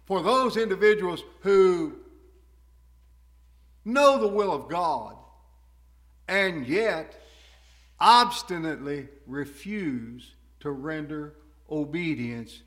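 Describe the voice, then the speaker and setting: A man preaching a sermon, his delivery swinging from hushed, tender lows to ringing, fervent highs.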